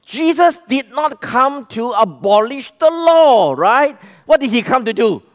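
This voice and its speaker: The pastor, speaking Malaysian-accented English, preaches in a very high-pitched, unhurried voice marked by big pitch swings. Emphatic throughout, he poses questions to the church and invites the people to answer.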